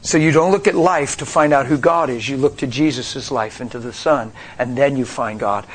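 A man's voice: medium pitch, moderate pace, husky. A man preaching a sermon emphatically, asking rhetorical questions and calling out to the congregation.

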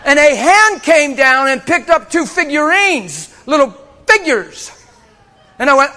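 A man preaching a sermon, telling a story with animated bursts of shouting and laughter. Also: very high-pitched, unhurried.

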